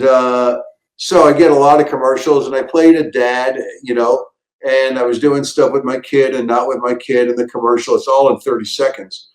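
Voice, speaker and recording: A man's voice: medium pitch, darkish tone, echoey room, rough recording. A man, a comedian guest, telling casual stories and acting out quotes and sound effects. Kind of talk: casual storytelling.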